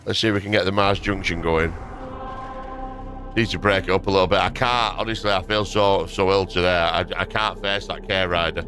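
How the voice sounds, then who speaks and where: A man's voice: low voice, steady tone, moderate pace, over music. A young man, rambling and swearing casually through gameplay commentary at his desk. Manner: rambling, sweary and self-mocking. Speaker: gaming video creator. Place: home desk. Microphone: dynamic microphone at a desk.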